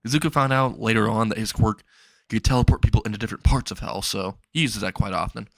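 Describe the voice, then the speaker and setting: A man casually narrating an improvised fan-fiction story, rambling and excitable, swearing freely and briefly voicing the characters. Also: lowish voice, fast talker, creaky, dry recording.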